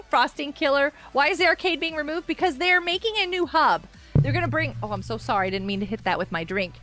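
A high, bright woman's voice streaming a game and chatting with her viewers. She is excitable and gasps and exclaims while playing, and her pitch swoops widely. Faint music plays underneath. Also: fast. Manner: excitable, gasping and exclaiming, talking to chat. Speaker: gaming streamer. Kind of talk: live gameplay commentary chatting with viewers.

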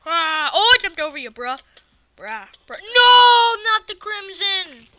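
A woman giving casual let's-play commentary, excitable and talking back to the game's enemies. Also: very high voice, slow, very noisy. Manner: excitable, swears and talks to the game enemies. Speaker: gaming video creator.

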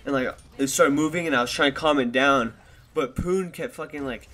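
A man's voice: mid-range voice, fairly quick, sharp tone. A man in his twenties telling a story casually to his viewers, rambling, swearing often and laughing at himself, recorded on a desktop microphone. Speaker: vlogger. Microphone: desktop USB microphone.

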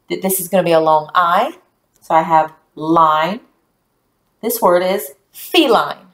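Woman teacher giving a recorded lesson to small kids; patient and clear, mid-pitched, roomy echo. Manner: slow, clear, encouraging teacher talk to young children.

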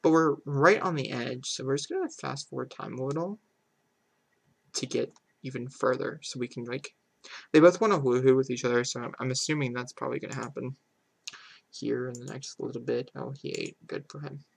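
A man hosting a casual let's-play commentary, chatty and excitable, with lots of fillers, who often slides into exasperated ranting. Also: medium pitch, a little fast, gravelly, breathy edge. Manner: heavy filler "like", "super duper". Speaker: gaming channel host.

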